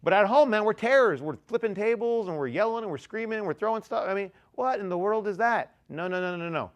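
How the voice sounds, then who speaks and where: A male pastor preaching to teens in a church, his voice sitting a bit higher than most men's. He talks in a loose, joking way, punching some words loudly and dropping others to a near hush. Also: animated, fast, lo-fi sound. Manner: conversational and joking, swings between loud emphasis and quiet asides. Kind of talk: youth sermon. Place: church sanctuary.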